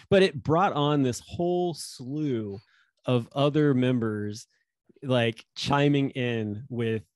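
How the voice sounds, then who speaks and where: A man's voice: medium pitch, a little mellow, no room sound. A man co-hosting a podcast, telling a funny story in casual chat and laughing often. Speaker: podcast co-host.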